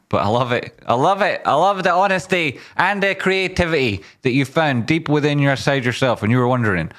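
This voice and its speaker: A man's voice: mid-range voice, brisk, hardly any pauses, a bit bright. Man, live stream host, joking, teasing, casual chat, game hype. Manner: joking, teasing, reads viewer comments aloud; hypes up a guess-the-tune game.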